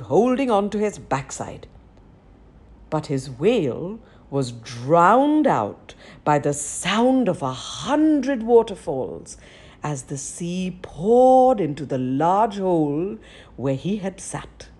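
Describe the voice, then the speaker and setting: A woman storyteller narrating a folk tale expressively, swinging between loud and hushed delivery. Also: on the low side, very animated, takes it slowly, slightly rough.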